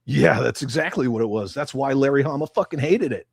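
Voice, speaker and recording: A man's voice: mid-range voice, brisk, vocal fry, breathy edge, dry recording, clean studio sound. An American man hosting a casual livestream, reading chat comments and ranting bluntly with a lot of swearing. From United States. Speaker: livestream host.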